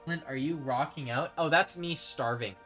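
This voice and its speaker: A man's voice: a little high, moderate pace, bright, forceful tone, soft background music. A man chatting casually while live-streaming a game, rambling and reading out his chat. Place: home streaming setup.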